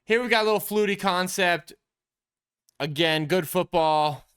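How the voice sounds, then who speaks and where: A man with a bright, forceful voice talks through football film like a coach. His tone is crisp and smooth as he walks the audience through each play step by step, addressing them as his team in a relaxed, chatty way. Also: high-pitched, measured pace. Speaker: quarterback trainer and show host. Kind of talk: casual football film breakdown commentary.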